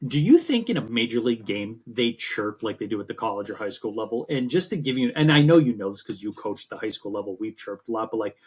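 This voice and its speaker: A man co-hosting a sports podcast, telling rambling, animated stories in casual chat. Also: on the low side, quick pace, hardly any pauses, breathy edge. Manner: rambling, animated storytelling with swearing. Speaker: podcast co-host.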